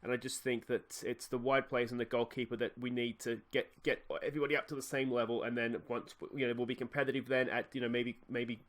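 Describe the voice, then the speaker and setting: A man's voice: mid-range voice, flat delivery, fast, hardly any pauses, a bit bright. An Australian man giving casual let's play commentary, chatty and thinking aloud with frequent fillers and self-corrections. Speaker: gaming YouTuber.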